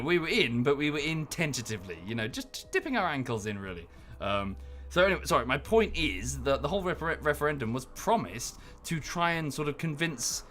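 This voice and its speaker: Chatty British man with faint background music. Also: fairly bright tone. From United Kingdom. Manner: rambling, chatty, hesitant with many fillers; breaks into high, exaggerated voices when quoting people. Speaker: streamer. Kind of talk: casual chat while playing a game.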